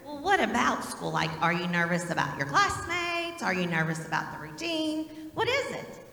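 A woman's voice: on the high side, wildly swooping pitch, normal speed, creaky, pushed and bright. A woman who teaches, leading a children's message in church, asking the kids questions and encouraging them. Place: church sanctuary. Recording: echoey church hall.

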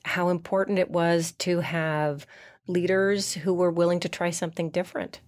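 A woman's voice: fairly low pitch, steady tone, moderate pace. Reflective woman podcast host. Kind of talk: interview discussion.

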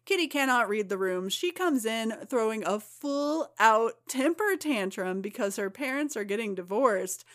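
A woman's voice: a little high, measured pace, hardly any pauses. Woman co-host recapping comics casually. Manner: lively comic-book recap with laughs. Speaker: podcast co-host. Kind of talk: casual chat.

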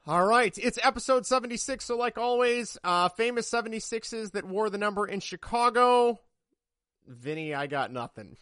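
A man's voice: sits high, expressive, normal speed, fairly bright tone, smooth, no echo, clean studio sound. A man co-hosting a casual sports podcast, rambling and joking, often laughing at himself. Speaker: podcast co-host.

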